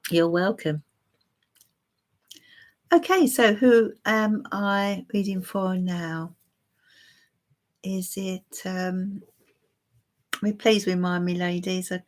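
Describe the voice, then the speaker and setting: A woman giving a live-stream tarot reading for viewers, musing and hesitant with many fillers. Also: medium pitch. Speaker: tarot reader.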